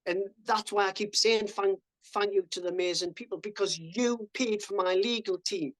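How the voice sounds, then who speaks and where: A man's voice: high voice, fairly even intonation, normal speed, poor audio. A man, a podcast guest telling a story casually, swearing freely and acting out what people said in a raised voice. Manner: swears freely, acts out quoted dialogue in a raised voice. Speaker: podcast guest, army veteran.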